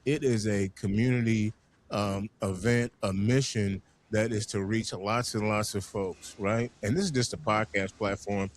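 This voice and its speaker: A man hosting a community podcast, talking in an animated, emphatic way and often repeating words as he gets going. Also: on the low side, measured pace, slight background noise. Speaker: podcast host. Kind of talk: casual panel conversation.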